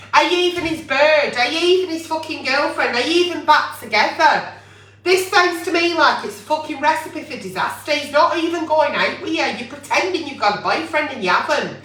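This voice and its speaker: A woman's voice: sits high, pushed and bright, distant mic. A woman hosting a late-night advice chat, blunt and sweary, firing off rhetorical questions. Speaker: advice show host. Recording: echoey room, away from mic.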